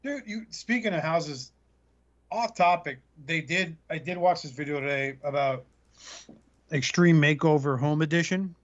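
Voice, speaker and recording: A man's voice: fairly high pitch, a little slow, no room sound. Profane, joking male podcast host. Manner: joking, profane, animated storytelling. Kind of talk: casual podcast banter. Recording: muffled lo-fi audio.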